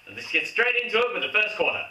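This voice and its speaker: A man's voice: high voice, very animated, rapid-fire, pushed and bright. An Australian man hosting a comic football recap, reading the match summary in a mock-formal commentator tone. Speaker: host. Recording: roomy room, distant mic.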